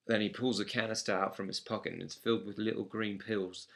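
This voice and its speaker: English guy telling a story, low gravelly voice, dry and matter of fact. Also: little pitch movement, fairly quick, hardly any pauses, a bit bright. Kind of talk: first-person anecdote told to an audience.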